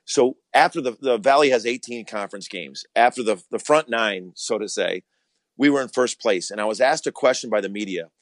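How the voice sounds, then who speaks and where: A man's voice: mid-range voice, fairly quick, no echo. A man, a college basketball coach, answering interview questions earnestly, often repeating words as he starts.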